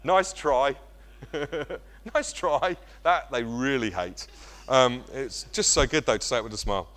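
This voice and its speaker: A middle-aged man preaching a sermon, animated and self-mocking. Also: medium pitch, normal speed. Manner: animated, self-mocking, acts out kids' voices. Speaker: pastor.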